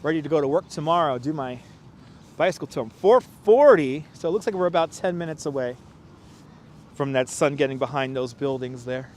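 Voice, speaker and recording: This talkative livestreamer, a man with a slightly high voice, moves briskly through a chilly city park at sunset, sounding a little mellow. Acting as host and tour guide, he chats casually, laughs a lot and reads out viewer comments, with faint traffic humming behind his wireless clip-on mic.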